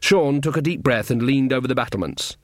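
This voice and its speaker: A man's voice: mid-range voice, a little fast, dry recording, clean studio sound. Wry male storybook narrator. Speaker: audiobook narrator. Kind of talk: scripted narration.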